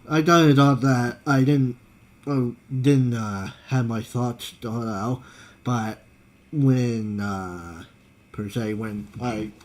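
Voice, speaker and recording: A man co-hosting a casual podcast chat, halting and often searching for his words. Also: mid-range voice, steady tone. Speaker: podcast co-host.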